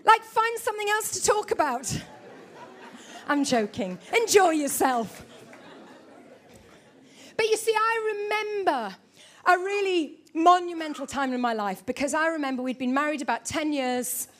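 Standing at the front of a church, a middle-aged woman with a very high voice delivers a lively, joking sermon, teasing the congregation as she goes. She keeps a measured pace with long pauses, and some chatter can be heard in the background.

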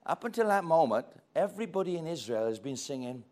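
Animated preacher, lively pitch. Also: male voice, fast. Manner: animated storytelling, acting out voices with big swings from quiet to loud. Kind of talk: sermon.

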